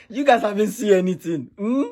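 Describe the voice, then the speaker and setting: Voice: medium pitch, lively intonation, moderate pace, a little mellow. A speaker commenting casually on a video, mocking and laughing. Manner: laughing, mocking, pidgin-flavoured.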